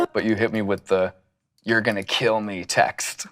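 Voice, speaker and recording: A man in a recording studio, casually talking through song ideas and humming melody lines in falsetto as he goes. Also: level tone, normal speed, music in the background. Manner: loose, thinking aloud, hums melody ideas in falsetto. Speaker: songwriting teacher and producer. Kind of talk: casual studio songwriting session.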